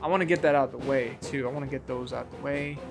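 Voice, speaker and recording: A man's voice: medium pitch, fairly even intonation, racing, gravelly, music in the background. A man streaming a video game, chatting casually, rambling and swearing at the game, with chuckles. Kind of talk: casual live-stream chat.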